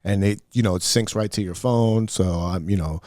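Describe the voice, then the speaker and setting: A middle-aged podcast host rambles through a casual solo monologue, profane and self-mocking. His voice is on the low side and darkish, at normal speed, recorded with no echo.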